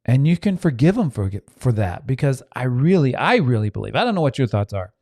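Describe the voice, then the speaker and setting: An earnest man hosting a motivational self-help podcast, talking straight to his listeners with many restarts and asides. His voice is warm and mellow and swings up and down with feeling. The sound is dry and close. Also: medium pitch, a little fast, no room sound. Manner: earnest and animated, acts out inner voices in quotes; frequent restarts and audience asides.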